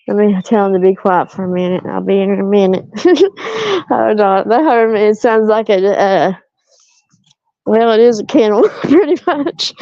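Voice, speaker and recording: Slow, chatty woman in her car. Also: medium pitch, a little mellow, no room sound, highs cut off. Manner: chatty and self-deprecating, laughing often, answering viewer comments. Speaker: live-stream host. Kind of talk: casual live-stream chat. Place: parked car in a driveway.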